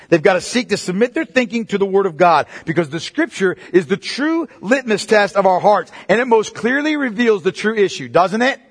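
A man's voice: high voice, slightly rough. A male pastor preaching a sermon emphatically, often asking the congregation rhetorical questions. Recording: long reverb of a large hall.

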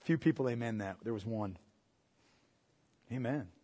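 A man preaching a sermon as pastor, rising to loud emphatic peaks and dropping to quiet asides, repeating phrases for emphasis. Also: measured pace. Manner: swings from quiet, low asides to loud, high emphatic climaxes.

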